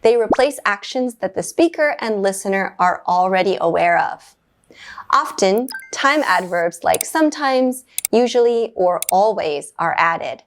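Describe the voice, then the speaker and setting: A woman teaching an English grammar lesson, explaining in a clear, measured way and giving short upbeat praise after each exercise. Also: medium pitch, expressive.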